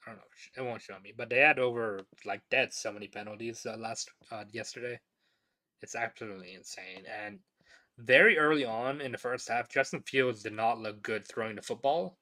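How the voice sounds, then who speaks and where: Bright-toned man rambling about football. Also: mid-range voice, fairly quick. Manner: rambling, many fillers and restarts. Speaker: podcast host. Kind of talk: casual sports talk.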